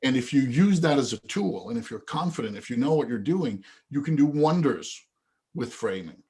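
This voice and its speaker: Animated male storyteller, mid-pitched. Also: moderate pace. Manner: animated storyteller who acts out quoted dialogue. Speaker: guest, event organizer. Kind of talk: storytelling in a podcast interview.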